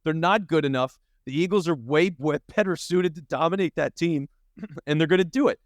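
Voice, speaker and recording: A man's voice: fairly high pitch, fairly quick, no room sound, clean studio sound. A man co-hosting a casual sports podcast, confident and teasing as he pushes back on his partner. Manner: confident, teasing, lively delivery. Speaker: podcast co-host.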